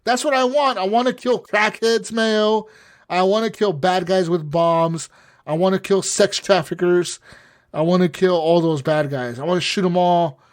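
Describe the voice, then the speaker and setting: A young man co-hosting a casual gaming podcast, telling stories in an animated, profane way. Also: high-pitched, normal speed, smooth. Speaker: podcast co-host.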